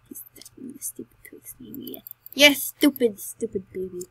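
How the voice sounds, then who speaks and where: Excitable woman narrating her gameplay. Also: unhurried, husky, no echo, low-quality recording. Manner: excitable, with sudden loud high outbursts; chatty, talks to herself and to the animals in the game. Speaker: Minecraft let's player. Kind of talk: gameplay commentary.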